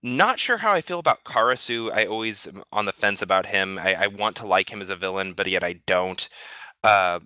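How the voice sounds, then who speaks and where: A man's voice: on the low side, lively intonation, a little fast, sharp tone, smooth, dry recording. A man talking casually as a podcast participant, often repeating words as he starts a thought. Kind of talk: casual chat.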